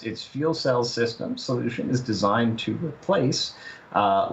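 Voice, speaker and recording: A man's voice: on the low side, dull audio, slight background noise. A man co-hosting a casual podcast, reading out company details with hesitant fillers. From United States. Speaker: podcast co-host.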